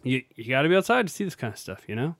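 A man's voice: medium pitch, sing-song, very fast, fairly bright tone, no room sound, studio quality. A man co-hosting a casual podcast chat, rambling with restarts and laughing often. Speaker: podcast co-host.

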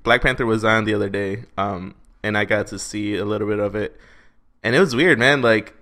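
A man's voice: fairly low pitch, brisk, pushed and bright. A man co-hosting a podcast, talking about a movie in a laid-back, slangy way with casual swearing. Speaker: podcast co-host. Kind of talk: casual movie review chat.

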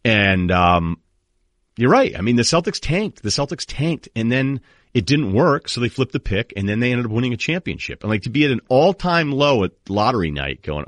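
A man hosting a sports talk podcast, ranting casually in an animated, rambling way. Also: medium pitch, a little fast, no room sound. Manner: animated, rambling, puts on quoted voices.

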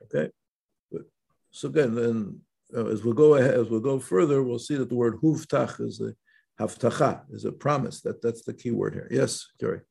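A man teaching an informal Torah class, talking in halting phrases with frequent restarts and checking questions. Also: mid-range voice, gravelly, dark tone, slightly rough. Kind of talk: informal religious lesson.

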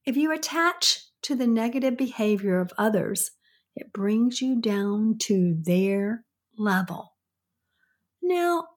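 Older Southern woman, husky voice. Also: mid-range voice, a little mellow. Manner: chatty, giving household tips. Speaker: podcast co-host, the host's mother. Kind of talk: casual chat.

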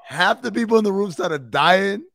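A man's voice: high voice, normal speed. A man co-hosting a podcast, telling stories in casual chat with lots of slang and swearing. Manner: animated storytelling, swearing and slang. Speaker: podcast co-host.

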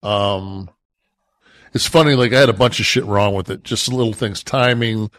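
A man in his sixties co-hosting a podcast, talking casually in a rambling, profane way, full of halting restarts. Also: fairly low pitch, fairly bright tone, no echo, studio quality. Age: 60s. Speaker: podcast co-host. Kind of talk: casual chat.

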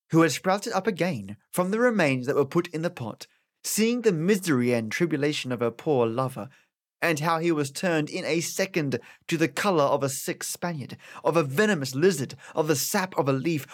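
Expressive Australian male storyteller. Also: a little high. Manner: expressive, dramatic reading. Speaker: audiobook narrator, podcast host. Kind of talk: storybook narration.

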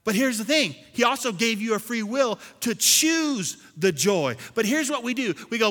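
A man preaching a sermon as pastor, animated, swinging between loud and soft and acting out churchgoers. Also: high voice, brisk, few pauses. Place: church sanctuary. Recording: long hall reverb.

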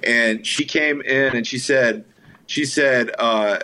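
A man's voice: medium pitch, slow, a little hiss or hum. A man, a filmmaker guest, telling stories in a casual interview, full of fillers and quoted voices. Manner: animated anecdotes with quoted voices, frequent fillers.

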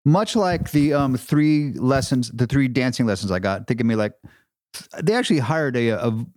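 A man in casual podcast chat, spinning animated, self-mocking stories with plenty of laughs at his own expense. His voice sits at an ordinary middle pitch. The sound is close and dry. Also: moderate pace, dry recording. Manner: animated, self-deprecating storyteller. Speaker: podcast co-host, actor.

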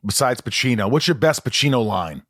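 A man hosting a casual chat, asking questions and trying quick impressions. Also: mid-range voice, expressive, fairly bright tone, dry recording, clean studio sound. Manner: playful, asks questions, tries quick impressions.

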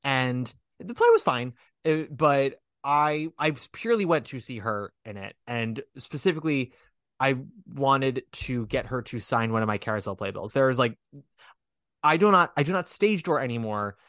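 Chatty, animated man, dry sound. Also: medium pitch, moderate pace, no echo. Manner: animated, rambling, self-deprecating; swears casually. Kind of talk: casual chat.

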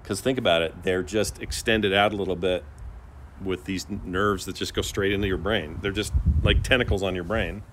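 A middle-aged man co-hosting a podcast, telling stories in a chatty, animated way. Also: low-pitched, normal speed, slight background noise. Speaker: podcast co-host. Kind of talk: casual chat.

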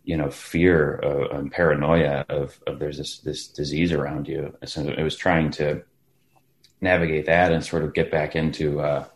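A deep-voiced man talks loosely as an interview guest. He tells his stories with plenty of restarts and laughter. Now and then he acts out what other people said. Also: normal speed. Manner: animated storyteller, acts out quotes, laughs often, many restarts. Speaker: actor guest. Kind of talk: casual interview chat.

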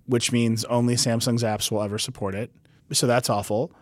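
A man hosting a casual tech podcast, joking and quick, laughing often. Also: medium pitch, little pitch movement, dry recording. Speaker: podcast host.

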